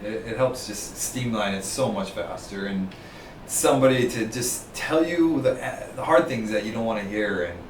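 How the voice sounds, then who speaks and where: A man's voice: lowish voice, normal speed, recorded from a distance, slight background noise. Easygoing male podcast host, echoey room. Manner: relaxed, agreeable, chimes in with short replies. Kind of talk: casual podcast conversation. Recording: echoey room, voice a bit off-mic.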